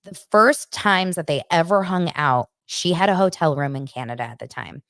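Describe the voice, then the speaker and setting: A woman's voice: lowish voice, normal speed, fairly bright tone, no echo, studio quality. A young adult woman hosting a casual pop culture chat, telling stories animatedly and acting out quotes, with lots of "like". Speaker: pop culture show host. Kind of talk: casual chat recapping celebrity news.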